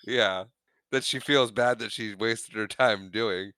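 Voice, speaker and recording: A man's voice: on the low side, slow pace, pushed and bright, smooth. A man co-hosting a podcast, casually recapping a movie scene by scene and acting out the characters' lines. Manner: retells scenes acting out quotes. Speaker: podcast co-host.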